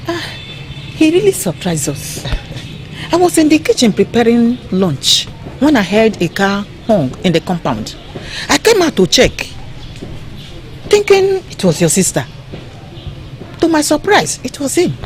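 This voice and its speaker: A woman's voice: fairly high pitch, a little slow, long pauses, a little hiss or hum. An actress with a Nigerian accent playing a hospitable mother welcoming her daughter's fiancé in a film. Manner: chatty, lively.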